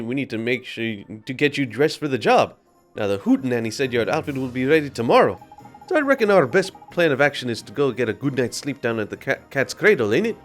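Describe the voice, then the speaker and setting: A man's voice: medium pitch, pitched above the performer's own voice, close to an everyday voice. A man voicing a brash, bossy little male fairy sidekick while reading game dialogue aloud. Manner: loud, bossy, exasperated.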